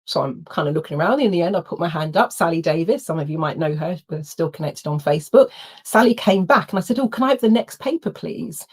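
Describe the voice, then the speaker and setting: Woman, middle-aged, telling a story, lots of pitch swings, lowish voice. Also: quick pace, slightly rough. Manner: animated storyteller, acts out quotes, laughs often. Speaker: workshop host. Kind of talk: storytelling talk.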